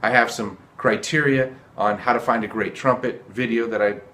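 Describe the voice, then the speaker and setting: A man's voice: medium pitch, fairly even intonation, normal speed, sharp tone, roomy sound. Earnest man giving a trumpet tip. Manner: earnest, repeats for emphasis. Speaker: trumpet teacher. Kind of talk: casual video lesson.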